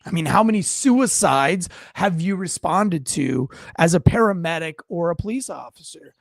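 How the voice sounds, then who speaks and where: A man in his forties telling a story in casual talk, acting out the people in it with shouts and frequent restarts. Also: high-pitched, no echo, clean studio sound. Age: 40s. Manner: animated storyteller who acts out shouted quotes, with frequent restarts.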